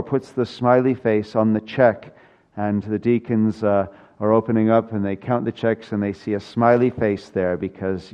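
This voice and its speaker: A man's voice: lowish voice, warm tone, clean tone, lo-fi sound. An older man preaching a sermon as pastor, earnest with dry humor and emphatic repetition of key lines.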